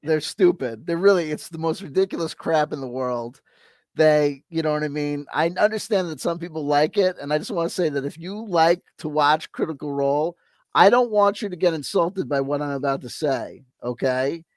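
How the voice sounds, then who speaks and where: A man's voice: fairly high pitch, normal speed, dry recording. A man giving blunt, rambling commentary on a video he reacts to, with many restarts. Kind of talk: casual opinionated commentary.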